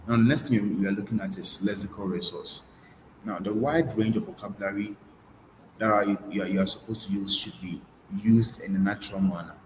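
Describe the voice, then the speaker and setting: Guy teaching a webinar, lowish voice, says stuff twice, lots of uh and um, kinda echoey. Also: a little hiss or hum. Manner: repeats key points, frequent fillers and restarts. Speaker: IELTS tutor. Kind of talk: webinar lecture.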